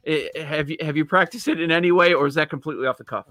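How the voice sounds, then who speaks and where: An upbeat male podcast host chatting about sports bets and peppering his guest with questions. His voice is bright and a little high. The sound is dry and close to the mic. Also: racing, no echo. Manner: upbeat, laughing, asks many questions. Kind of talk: casual sports betting chat.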